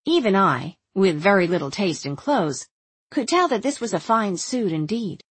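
A woman's voice: medium pitch, big pitch swings, normal speed, breathy edge, no echo. A woman reading a first-person story aloud in scripted narration, wry and observant in tone. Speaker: audiobook narrator.

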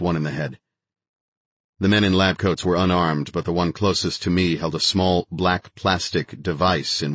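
Male audiobook narrator, deep and husky, terse and driving, first-person thriller. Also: no room sound.

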